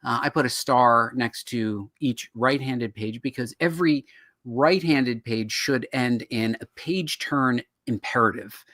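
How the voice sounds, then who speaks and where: A man's voice: mid-range voice, a little slow, no echo, clean studio sound. A man co-hosting a show on writing comics, explaining in casual chat and acting out quoted reactions. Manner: animated, acts out quoted reactions.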